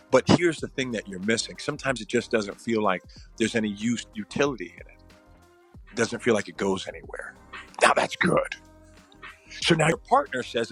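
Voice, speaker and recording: Guy psychologist chatting on his podcast, kinda breathy voice, keeps saying you know what i'm talking about. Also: mid-range voice, a bit bright. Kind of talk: casual advice talk.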